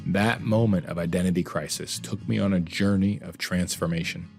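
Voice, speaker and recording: A man's voice: deep voice, normal speed, creaky, music in the background. A man hosting a podcast, narrating a personal story in an earnest, reflective and heartfelt way. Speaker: podcast host.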